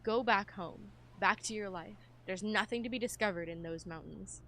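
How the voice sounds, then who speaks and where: A woman's voice: mid-range voice, moderate pace, sharp tone, slight background noise. A woman reading the lines of a stern man who warns a visitor away, in her own voice with curt, clipped delivery. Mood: warning. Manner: curt, warning. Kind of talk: reading game dialogue aloud.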